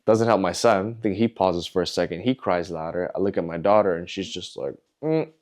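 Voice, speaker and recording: A man hosting a podcast, telling a personal story in a candid, introspective way, in short halting phrases. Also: deep voice, steady tone, darkish tone. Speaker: podcast host.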